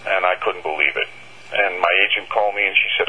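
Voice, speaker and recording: Husky-voiced man telling stories down a dull line. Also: sits low. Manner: animated anecdotes, laughs often, halting restarts. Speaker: author guest. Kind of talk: casual storytelling. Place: bookstore owner, Denver.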